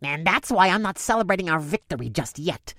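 A man's voice: high voice, big pitch swings, fairly quick, fairly bright tone, no room sound, studio quality, voice pushed up, full character voice. A man voicing a snarling, scornful male orc in a raised, pinched voice. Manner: snarling and contemptuous.

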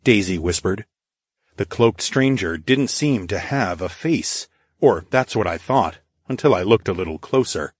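Male audiobook narrator, steady measured reading, lowish voice, dry close sound. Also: dry recording. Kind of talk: scripted narration.

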